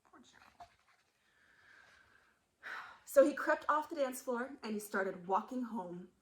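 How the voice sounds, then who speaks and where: Reading aloud to kids at a museum, a woman animatedly works through a picture book and quizzes her young listeners. She speaks at a normal speed in a fairly high voice, and the audio is poor.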